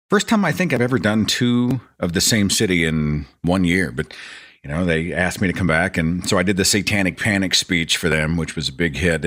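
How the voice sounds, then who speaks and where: A man's voice: sits low, fairly bright tone. A man hosting a podcast, telling rambling, self-deprecating stories in a casual stream-of-consciousness monologue. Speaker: podcast host.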